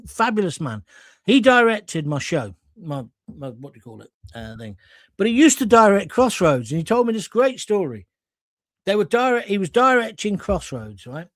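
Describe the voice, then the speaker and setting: Animated chatty male host. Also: sits high, normal speed, dry recording, clean studio sound. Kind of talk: live show anecdote chat.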